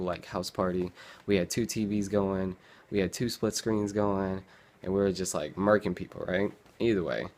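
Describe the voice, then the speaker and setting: A young man, telling a rambling vlog story in casual chat and acting out his past self with groans and sighs. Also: lowish voice. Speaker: vlogger.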